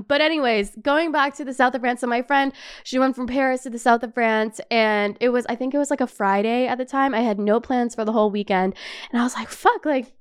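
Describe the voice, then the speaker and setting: Animated young woman telling wild stories. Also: on the high side, clean tone. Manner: animated, laughs often, swears freely. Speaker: podcast host. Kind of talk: casual storytelling.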